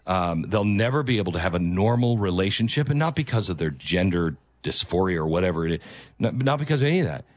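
A man with a mid-range voice hosts a commentary show, offering his opinion on a video clip. He speaks earnestly and emphatically, repeats his key phrases, and the recording has no room sound.

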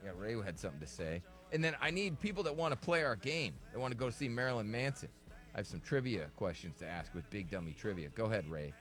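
A man's voice: on the low side, animated, fast talker, fairly bright tone, soft background music. A man hosting a call-in radio show, teasing callers and laughing often. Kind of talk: joking call-in radio banter.

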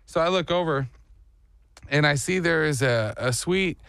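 A man's voice: a little high, measured pace, gravelly, a bit bright, clear, resonant tone, no echo, studio quality. A young man co-hosting a morning radio show, animatedly telling a story and acting out sounds and voices.

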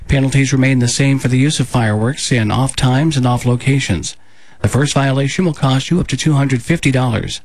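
Man reading local radio news. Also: medium pitch. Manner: steady measured delivery. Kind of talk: scripted local news read. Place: radio studio.

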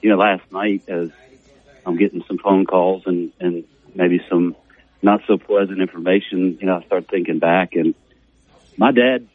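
A man's voice: low voice, steady tone, moderate pace, no echo. A middle-aged man, a former player as a guest on a casual radio interview, rambling with many fillers. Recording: dull narrow phone-like radio audio, dry.

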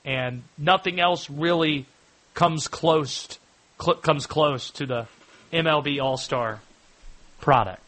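A man hosting a sports talk radio show, riffing casually and jumping into excited bursts. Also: a little high, takes it slowly, low-quality recording. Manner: chatty, riffing, jumps into loud excited bursts.

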